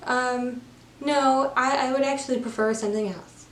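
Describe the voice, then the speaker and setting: A woman's voice: high voice, fairly even intonation, normal speed, a bit bright, echoey room, voice pushed up. A woman voicing a polite, naive young bear in a casual retelling, earnest and trusting in tone.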